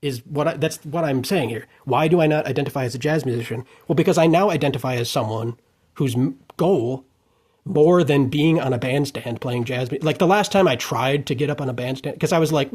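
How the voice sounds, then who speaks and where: A man giving an unscripted monologue rant, heated and profane, breaking into shouted outbursts. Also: mid-range voice, a little fast, breathy edge.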